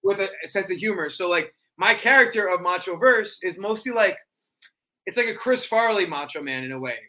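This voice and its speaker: A young man telling stories in a casual chat, animated and quick to slip into wrestler impressions. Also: high voice. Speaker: cosplayer guest.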